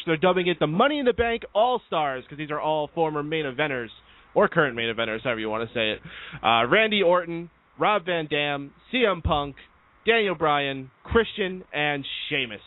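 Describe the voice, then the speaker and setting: Man, radio host, quick talker, tinny phone line. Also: on the high side, dry recording. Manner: brisk, moderating. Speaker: podcast host. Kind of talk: casual radio chat.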